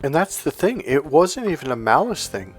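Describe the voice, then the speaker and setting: A man's voice: on the high side, sing-song, normal speed, slightly rough, faint music behind. A man telling a childhood story in a casual monologue, with frequent "like" fillers and quoted lines. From Northern California. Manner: casual, heavy use of "like", acts out quoted lines. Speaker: relationship coach.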